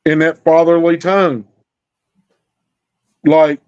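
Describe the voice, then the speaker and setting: A man's voice: on the high side, a little slow, long pauses. A middle-aged man telling a story in a folksy, drawling way, acting out the dialogue. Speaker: storyteller guest. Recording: dull lo-fi recording.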